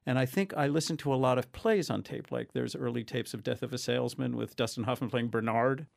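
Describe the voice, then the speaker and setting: A man's voice: mid-range voice, fairly quick, vocal fry, a little mellow. A man who narrates audiobooks, talking in an interview in a wry, self-deprecating, storytelling way. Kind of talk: conversational interview.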